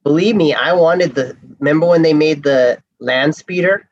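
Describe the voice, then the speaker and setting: A man co-hosting a casual podcast, jokey and quick to laugh. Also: fairly high pitch, highs cut off, crowd noise. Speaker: podcast co-host.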